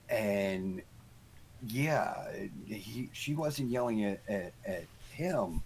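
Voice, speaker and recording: Slow, rambling middle-aged man. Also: fairly low pitch, animated, darkish tone, slight background noise, rough recording. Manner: rambling storyteller with many ums. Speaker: podcast guest. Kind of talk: casual chat.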